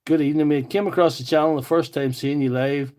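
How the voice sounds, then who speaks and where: A fairly high-pitched, slightly mellow male voice with a steady tone speaks fast in a Northern Irish accent; he's from County Tyrone. He jokes, rambles, and answers viewer comments while working on a tool repair livestream. The audio quality is poor.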